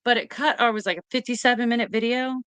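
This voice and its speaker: A woman, hosting a casual chat and retelling a story in an excited, rambling way. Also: fairly high pitch, racing, clear, resonant tone, no room sound. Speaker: host.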